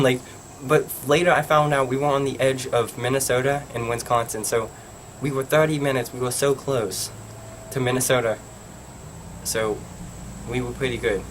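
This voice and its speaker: A man's voice: mid-range voice, moderate pace, a little hiss or hum. A young man from Pennsylvania telling a rambling story for his vlog, filling it with "like". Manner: rambling, heavy use of "like". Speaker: vlogger.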